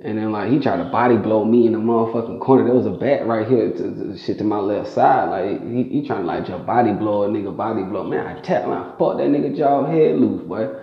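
A man's voice: on the low side, brisk, gravelly, hardly any pauses. A young man telling rambling, profane street stories in a casual way. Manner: rambling, profane street storytelling with frequent laughs. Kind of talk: casual storytelling. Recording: echoey room, dull lo-fi sound.

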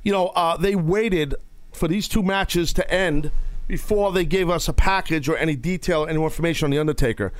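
Brash wrestling podcast host, dry studio sound. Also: male voice, fairly high pitch, brisk, no echo. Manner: loud, playful, breaks into shouting bits. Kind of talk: casual wrestling talk. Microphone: studio mic.

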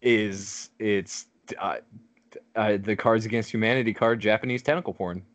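A man's voice: lowish voice, steady tone, moderate pace, dry recording. A young man co-hosting a casual podcast chat with dry, teasing humor. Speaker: podcast co-host.

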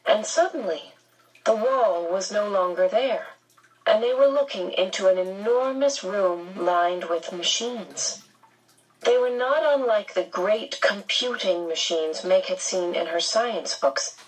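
A woman reads an audiobook slowly and steadily, in a measured storytelling voice. Her tone is breathy and soft-edged. She sits somewhat back from the mic. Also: mid-range voice, expressive, far from the mic, rough recording. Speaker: narrator. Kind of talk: audiobook narration.

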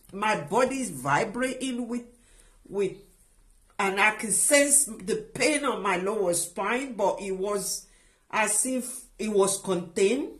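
A middle-aged woman giving an emotional personal testimony, halting and restarting often as she speaks. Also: medium pitch. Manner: halting and emotional, with many restarts and trailing phrases. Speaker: guest sharing a personal testimony.

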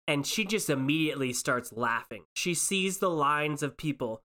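A woman's voice: deep voice, normal speed. A woman telling a story in casual chat, acting out the people in it. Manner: animated storytelling with acted-out voices.

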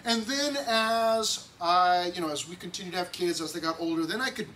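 A man's voice: high voice, brisk, sharp tone. A man preaching a conversational sermon to a church congregation, sometimes acting out quoted voices. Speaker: pastor. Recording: distant mic with faint noise.

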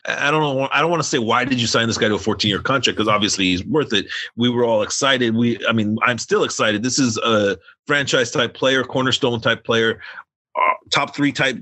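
A man's voice: mid-range voice, no echo. Man hosting a sports chat, dry sound. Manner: animated, chuckling, repeats words. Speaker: podcast host.

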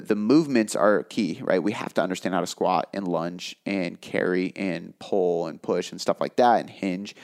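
A man in his thirties hosting a podcast alone, talking casually and rambling, with many fillers and restarts. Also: low-pitched. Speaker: podcast host. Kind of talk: casual solo podcast talk.

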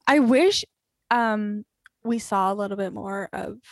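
A woman's voice: mid-range voice, no room sound, clean studio sound. A woman co-hosting a podcast, chatting casually about a TV show and laughing often. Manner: slow, drawn-out, giggly talk. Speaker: podcast co-host.

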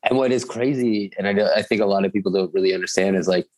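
Man, lower voice, rambling, filler-heavy casual chat, thirties. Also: quick pace, a little mellow. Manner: rambling, lots of fillers and restarts. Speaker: guest musician. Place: home in Bavaria.

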